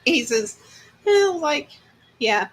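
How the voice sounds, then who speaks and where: A woman's voice: high voice, very animated, slow. An older woman and grandmother hosting a casual livestream chat, talking in a folksy drawl and laughing easily. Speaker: livestream host.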